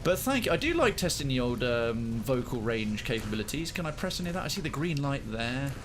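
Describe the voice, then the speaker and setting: A man's voice: medium pitch, very animated, fairly quick, background noise. A young British man streaming a game, chatting with his viewers in a rambling, digressive way. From United Kingdom. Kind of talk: casual gaming commentary.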